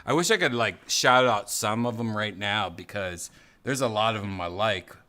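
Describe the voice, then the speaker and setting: A man's voice: lowish voice, moderate pace, sharp tone. A man hosting a casual podcast chat, rambling and acting out quotes in funny voices. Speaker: podcast host.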